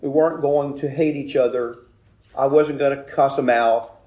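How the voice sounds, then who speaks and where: A man preaching a sermon, telling a personal story with loud emphatic bursts and quiet asides. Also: medium pitch, steady tone, normal speed. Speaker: pastor.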